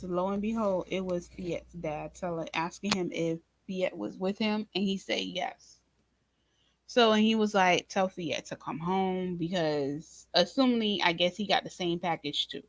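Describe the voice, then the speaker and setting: A woman with a fairly low voice hosts a casual recap of a drama episode, talking to viewers informally and expressively and calling them "y'all" and "baby." She's animated, acting out her own reactions in quoted asides, and the recording has no echo.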